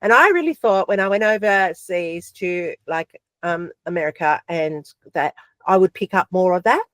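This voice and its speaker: A woman's voice: lowish voice, moderate pace, no room sound. Chatty Australian woman, dry sound. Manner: chatty, animated storyteller with many fillers. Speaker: podcast guest. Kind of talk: casual chat.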